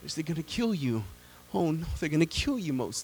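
A man preaching a sermon, retelling a Bible story in a lively storytelling way and acting out its characters, building up to shouted praise. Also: mid-range voice, moderate pace, few pauses, a little hiss or hum. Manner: animated storytelling, acts out the people in the story, rises to a shout.

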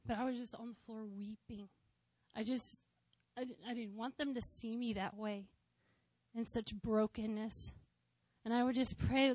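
A woman in her thirties gives a conversational sermon testimony, speaking from the heart with a bit of gentle humor woven in. Her voice sits fairly high, and the recording is close and dry, with almost no room sound. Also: fairly even intonation, moderate pace, no room sound. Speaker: church speaker sharing testimony.

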